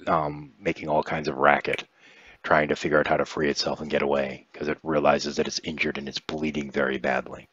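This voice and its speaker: Deep-voiced male game master. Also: fairly quick, husky, no room sound, lo-fi sound. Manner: relaxed, rambling narration with fillers. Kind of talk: narrating a tabletop game.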